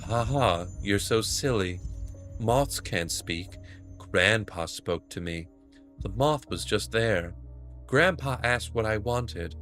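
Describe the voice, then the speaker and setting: Brief: man voicing a calm, odd little girl, soft, unhurried. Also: lowish voice, soft background music. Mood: dreamy. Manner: slow, soft, matter-of-fact.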